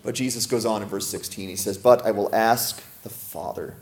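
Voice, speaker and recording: Scripture readings bring this lowish-voiced male pastor to a slower, gentler delivery. The rest of his conversational sermon mixes questions for the congregation with jokes and laughter.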